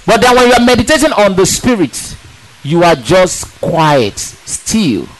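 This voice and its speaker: A man preaching a sermon in an emphatic, animated way, asking rhetorical questions and repeating words for stress. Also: high voice, measured pace, low-quality recording.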